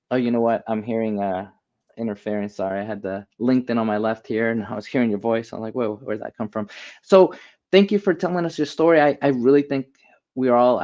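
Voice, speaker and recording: A man's voice: medium pitch, darkish tone, highs cut off. A man hosting an interview over a video call, enthusiastic and upbeat, with fillers. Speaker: host. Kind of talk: podcast interview and talk.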